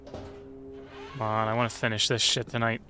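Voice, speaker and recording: A male streamer talks through a horror game, muttering to himself, cursing and chatting with viewers about voice work. His voice is bright and sharp with an average male pitch. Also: little pitch movement, unhurried, soft background music. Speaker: streamer and voice actor. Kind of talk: casual live-stream chat while gaming.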